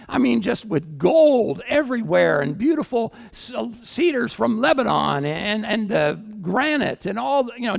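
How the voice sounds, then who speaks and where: Lively, gravelly-voiced male preacher. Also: sits high. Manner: animated storytelling, swinging from loud to hushed. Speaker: pastor. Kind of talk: sermon. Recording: echoey hall with long reverb.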